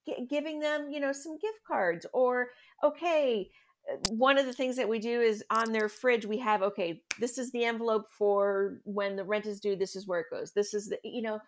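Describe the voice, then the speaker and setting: A woman's voice: on the high side, normal speed. A middle-aged woman speaking as a guest in a casual interview, a chatty storyteller who often laughs. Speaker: guest parent.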